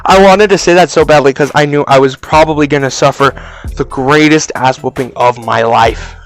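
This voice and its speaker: A young man casually telling a story for a vlog, animated and swearing freely, on a cheap mic. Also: medium pitch, normal speed, faint music behind. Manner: animated, profane, acts out voices. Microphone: cheap low-quality mic.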